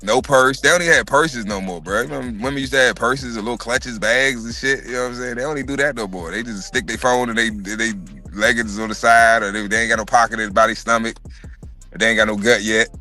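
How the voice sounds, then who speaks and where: A man's voice: mid-range voice, steady tone, quick pace, bright, forceful tone, soft background music. A middle-aged man hosting a casual livestream chat, ranting animatedly with lots of swearing and restarts. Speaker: podcast host.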